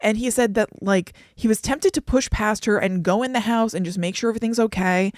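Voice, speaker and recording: A woman's voice: mid-range voice, fairly quick, darkish tone, no echo, clean studio sound. A woman co-hosting a podcast, retelling a TV episode in casual chat and acting out quoted voices as she goes. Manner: chatty, laughing, acts out quoted voices. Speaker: podcast co-host.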